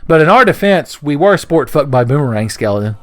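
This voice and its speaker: A man's voice: a little high, sing-song, fairly quick, no echo. A man giving casual gameplay commentary, joking, swearing and laughing often. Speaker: let's play commentator.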